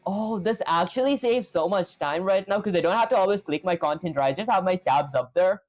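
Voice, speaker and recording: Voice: medium pitch, lively intonation, brisk, a little mellow. Streamer thinking aloud over faint music. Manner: thinks aloud, fills gaps with "okay" and "let's go ahead". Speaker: live coding streamer. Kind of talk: casual live-stream tutorial commentary.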